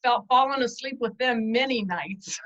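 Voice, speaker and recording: Chatty woman guest, slightly high voice. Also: fairly bright tone, lo-fi sound. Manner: chatty, candid, self-deprecating. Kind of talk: casual storytelling interview.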